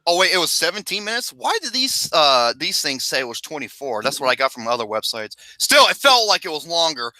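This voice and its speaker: High-pitched man, bright tense voice, dry close mic, ranting and swearing. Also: fairly quick, hardly any pauses, no echo. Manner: profane, ranting, animated. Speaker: podcast host. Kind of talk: casual ranking chat.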